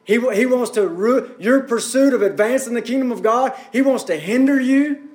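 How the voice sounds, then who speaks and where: A man's voice: very high voice, moderate pace, a little mellow, echoey room. A man preaching a sermon as pastor, building up and easing off in intensity. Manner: preaching with rising and falling intensity.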